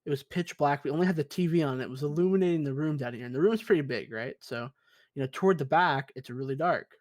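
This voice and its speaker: Speaking fast in a slightly mellow, high-leaning voice, this young podcast co-host chats from a basement room with no room sound. He's relaxed, swears a lot, and keeps calling people dude.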